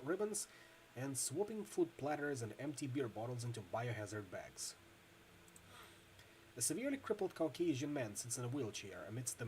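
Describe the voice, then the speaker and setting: Man narrating a video game, steady descriptive reading, animated pitch, faint background hum. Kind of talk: narrating game text aloud.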